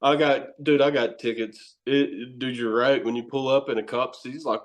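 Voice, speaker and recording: A man's voice: medium pitch, fairly even intonation, normal speed. A man talking as a podcast guest, telling rambling, profane stories and laughing often as he goes. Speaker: guest, wrestler and horror host. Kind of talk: casual podcast chat.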